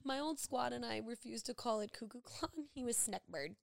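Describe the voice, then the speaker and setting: A woman co-hosting a podcast in casual chat, excitable and jokey, often laughing. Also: on the high side, normal speed, gravelly, no echo, clean studio sound. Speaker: podcast co-host.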